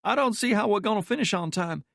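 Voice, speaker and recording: A man putting on a squeaky-voiced burly laborer. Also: animated, fast talker, gravelly, fairly bright tone, dry recording, full character voice. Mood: fretting. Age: 40s. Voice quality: strangely high-pitched. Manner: complaining, worried about deadlines. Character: big burly middle-aged male laborer, grumbling. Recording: dry studio audiobook recording.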